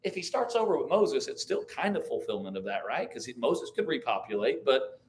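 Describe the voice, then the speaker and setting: A man's voice: mid-range voice, big pitch swings, brisk, slight background noise. A man teaching a church Bible class, thinking aloud with restarts, reading verses and asking the group questions. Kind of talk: conversational Bible study teaching.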